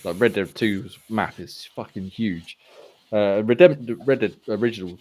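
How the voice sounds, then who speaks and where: A man co-hosting a gaming podcast, talking in a relaxed, rambling way with casual swearing. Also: on the low side, normal speed. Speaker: podcast co-host.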